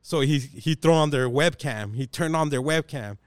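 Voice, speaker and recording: A young man talks fast and loose on a podcast, full of slang and swearing, acting out the people in his story as he goes. His voice is clear and smooth, pitched on the higher side. The sound is close and dry. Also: no room sound. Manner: animated, profane, slangy, acts out voices. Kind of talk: casual storytelling chat.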